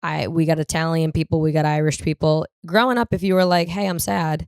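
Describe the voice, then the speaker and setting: In a deep, creaky voice at a moderate pace with hardly any pauses, an East Coast woman in her thirties hosts a podcast full of rambling, profane comedy, acting out quoted voices with animation. The studio-quality recording has no room sound.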